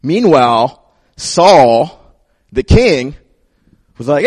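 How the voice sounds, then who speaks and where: A man's voice: fairly high pitch, lively intonation, normal speed, a little mellow, no room sound, studio quality. A male pastor preaching a sermon in a conversational storytelling way with playful asides.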